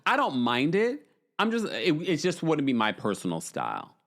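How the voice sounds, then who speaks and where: A male host chatting on a live stream, reading viewer comments in a sassy, animated way. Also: normal speed, vocal fry. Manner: animated, sassy, swooping pitch.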